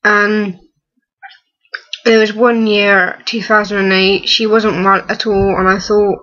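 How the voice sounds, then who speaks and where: A young woman in her early twenties, close to tears, talking haltingly with many fillers and restarts in a personal vlog. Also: mid-range voice, little pitch movement, a bit bright, lo-fi sound. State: on the verge of tears. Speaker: vlogger.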